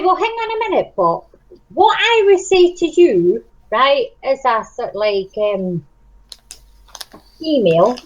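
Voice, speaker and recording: A woman's voice: sits high, dull audio. A middle-aged woman in a casual group chat, blunt and sweary, talking over others. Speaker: chat participant.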